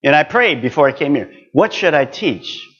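A man's voice: a little high, sing-song, normal speed, a bit bright, husky, dull audio. An older man preaching a sermon, earnest and building to emphatic exhortation.

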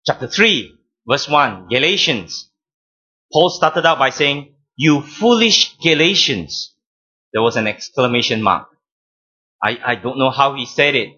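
A man preaching a sermon as pastor, teaching deliberately, stressing key words and repeating phrases. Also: mid-range voice, bright, forceful tone, husky, lo-fi sound.

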